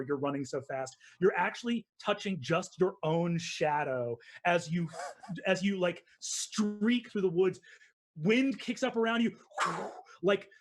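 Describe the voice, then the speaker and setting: A man narrating as dungeon master, animated and excitable, with plenty of fillers and restarts. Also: high voice. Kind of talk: narrating a tabletop game.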